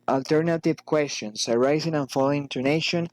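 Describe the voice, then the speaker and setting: A man reading English pronunciation drills aloud, careful and halting, with frequent pauses. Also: medium pitch, steady tone, clean tone, no echo, low-quality recording. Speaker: English learner.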